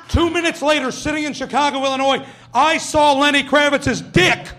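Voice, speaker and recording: High-voiced brash stand-up comic man. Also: brisk, sharp tone, slight background noise. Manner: brash, profane, acts out quoted voices. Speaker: stand-up comedian. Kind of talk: stand-up comedy set. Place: comedy club stage with audience.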